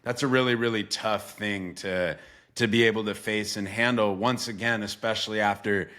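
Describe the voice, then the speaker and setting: Low bright-voiced man hosting a podcast. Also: fairly even intonation, normal speed. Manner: earnest, swears casually, many fillers like "bro". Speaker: podcast host and former quarterback coach. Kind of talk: emotional interview conversation.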